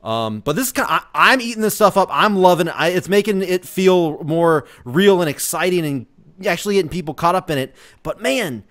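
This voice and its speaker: A man co-hosting a wrestling podcast in casual chat, excitable, cursing freely and restarting his sentences. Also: high voice, a little fast. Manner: excitable, swearing, trailing restarts. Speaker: podcast co-host.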